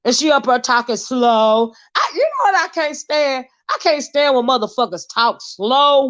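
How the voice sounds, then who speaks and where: A woman hosting a YouTube commentary show, ranting in a blunt, loud, heavily profane way. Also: high-pitched, big pitch swings, normal speed, few pauses. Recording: dull lo-fi sound.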